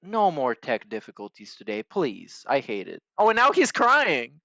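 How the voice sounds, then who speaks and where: A man's voice: mid-range voice, wildly swooping pitch, moderate pace, bright, forceful tone, dry recording, muffled recording. A man hosting a podcast, giving crude, sarcastic reaction commentary on stream clips.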